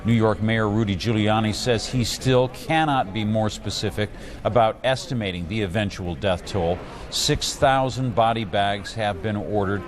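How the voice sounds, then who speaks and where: A man anchoring a television newscast, reading in a brisk manner with some stumbles. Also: fairly low pitch, a little hiss or hum. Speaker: news anchor. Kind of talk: scripted news reading.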